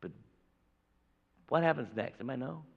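A man's voice: medium pitch, animated, fairly quick, creaky, slightly rough. A man preaching a sermon from a church pulpit, talking emphatically and acting out the people in a Bible story. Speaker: pastor. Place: church sanctuary. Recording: echoey hall, dull lo-fi audio.

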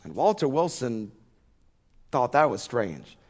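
A middle-aged or older man preaches a sermon, spinning a folksy story before building to fervent emphasis on prayer. His medium-pitched voice is very animated and a little mellow, and he speaks slowly.

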